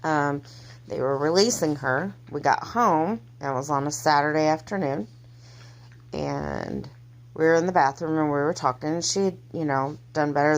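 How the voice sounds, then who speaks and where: Low, gravelly-voiced woman speaking haltingly. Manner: halting, hesitant, soft-spoken delivery. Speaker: mother telling her family's story. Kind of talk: casual personal storytelling.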